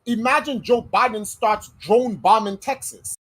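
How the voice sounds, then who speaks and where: An American man hosting a casual podcast monologue, talking in slangy, animated speech and acting out quoted voices. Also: high-pitched, measured pace, low-quality recording. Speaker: podcast host.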